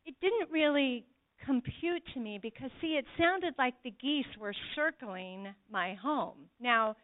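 A woman's voice: a little high, moderate pace. A woman giving an earnest sermon testimony to a church congregation, speaking to them directly. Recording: tinny phone-like sound.

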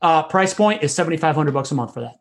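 A man talking shop in a rapid, rambling casual conversation, swearing now and then. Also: fairly high pitch, lively intonation, creaky. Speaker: podcast business consultant.

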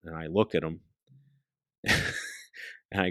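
A man, a guest on a talk show, telling a hunting story in a casual, profane, animated way and often dropping his voice to a hush. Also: extremely low pitch, takes it slowly, no room sound. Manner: profane, animated storyteller who drops into hushed tones.

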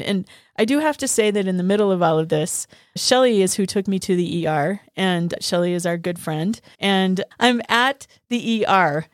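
A woman co-host chats casually on a podcast, telling her story with wry, self-deprecating humor. Her voice sits in a middle pitch range. The sound is dry and close, with no room echo.

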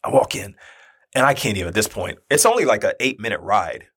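A man's voice: fairly low pitch, fast, breathy edge. A man in his thirties telling a personal story in casual talk, acting out the quoted dialogue. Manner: animated, acts out quoted dialogue.

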